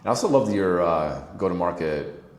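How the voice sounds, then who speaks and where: A man's voice: sits low, lively intonation, moderate pace, darkish tone, roomy sound. A man hosting a podcast interview, thinking aloud in long, winding sentences with frequent restarts. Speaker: podcast host. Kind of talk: conversational interview.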